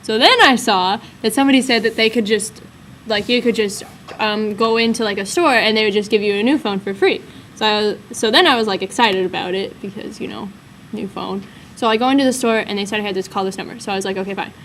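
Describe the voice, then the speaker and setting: A woman's voice: mid-range voice, fast talker, a bit bright, a little hiss or hum. A young woman telling a rambling story in casual chat, full of fillers, as a vlog co-host.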